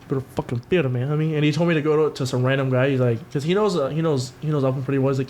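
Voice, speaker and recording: A man's voice: mid-range voice, racing, a little mellow, a little hiss or hum. A young man co-hosting a podcast, telling rambling, profane stories in casual chat and mimicking the people in them. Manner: rambling, profane storytelling with quoted voices. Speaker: podcast co-host.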